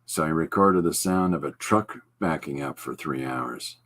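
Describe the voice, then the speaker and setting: A man voicing a melancholy, deadpan male stand-up comedian, low and flat. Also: normal speed, heavily acted.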